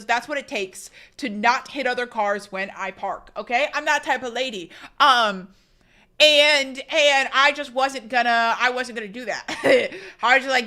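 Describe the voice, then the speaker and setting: A young woman streamer talks casually to her live chat, animated and profane as she rambles through stories. Her voice sits a little high and rings bright and forceful. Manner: animated, swearing, rambling storytelling.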